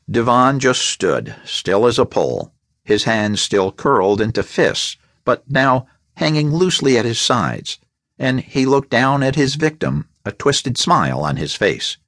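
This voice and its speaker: A man narrating a crime thriller audiobook in a measured, expressive way, on a close studio mic. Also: medium pitch, dry recording.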